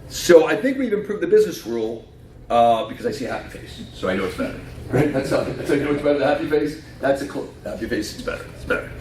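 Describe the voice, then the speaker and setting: A man presents his slides in a conference room, cracking jokes and putting questions to the crowd. He talks fast in a medium-pitched, sing-song voice with a darkish tone. The audio comes from a distance in an echoey hall and carries faint noise.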